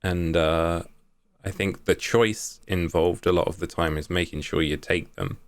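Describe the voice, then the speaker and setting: A man's voice: deep voice, steady tone, unhurried, dry recording. A man hosting an interview podcast, reflecting thoughtfully and repeating words as he works through his point. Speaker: podcast host. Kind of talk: casual interview chat.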